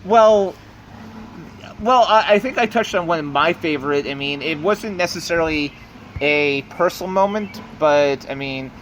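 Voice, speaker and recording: A man's voice: fairly high pitch, normal speed, fairly bright tone, slight background noise, low-quality recording. A man co-hosting a casual podcast, talking in a playful way and stammering over repeated words. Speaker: podcast co-host. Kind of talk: casual chat.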